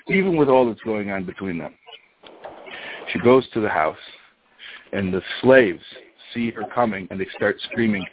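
A man's voice: lowish voice, a little slow, phone-quality sound. A man telling a story in a casual, chatty way, with fillers and asides to his listeners.

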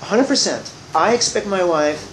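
A man's voice: high voice, expressive, moderate pace, reverberant, slight background noise, poor audio. A man speaking informally to a group at a recovery meeting in a room, rambling and restarting his sentences with wry humor.

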